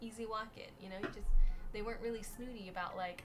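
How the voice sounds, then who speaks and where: A woman's voice: mid-range voice, steady tone, quick pace, fairly bright tone, a little hiss or hum. A young American woman rambles through a casual livestream chat, profane and sassy. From United States. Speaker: streamer.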